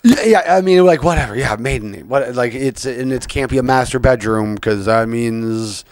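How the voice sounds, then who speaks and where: A man's voice: mid-range voice, normal speed, darkish tone, no room sound. A man hosting a podcast, ranting casually with lots of fillers and swearing. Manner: rambling, profane, frequent fillers. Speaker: podcast host. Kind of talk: casual rant.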